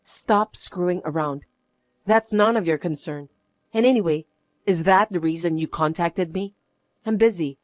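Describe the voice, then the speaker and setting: A woman's voice: fairly low pitch, unhurried, no echo, close to an everyday voice. A woman playing a curt, weary young wife. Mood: annoyed. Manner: flat, curt, unimpressed. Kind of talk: dramatized story acting.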